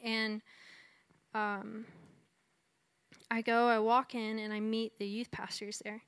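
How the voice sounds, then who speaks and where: A woman's voice: on the high side, level tone, takes it slowly, clean tone, no echo. A woman from Texas giving a conversational testimony in a sermon, telling her story with lots of "like" and "you know". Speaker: speaker sharing her testimony.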